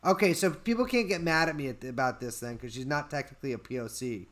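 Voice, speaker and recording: A man's voice: medium pitch, fast, fairly bright tone. A man co-hosting a podcast, rambling in casual banter with lots of "like". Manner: rambling, mumbly, full of "like". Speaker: podcast co-host.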